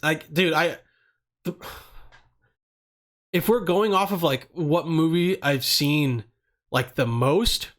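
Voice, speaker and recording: A man's voice: on the high side, takes it slowly, pauses often, fairly bright tone. A young man hosting a podcast on his own, rambling in loose, profane casual talk full of slang. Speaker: podcast host.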